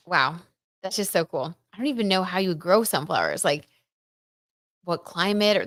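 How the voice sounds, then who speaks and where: Young woman chatting thru a tarot stream, lowish voice, dry close sound, lots of "like". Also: sing-song, normal speed, long pauses, fairly bright tone, no echo. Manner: chatty and gushing, lots of "like" and "oh my gosh". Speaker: tarot reader and live stream host. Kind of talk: casual live tarot reading.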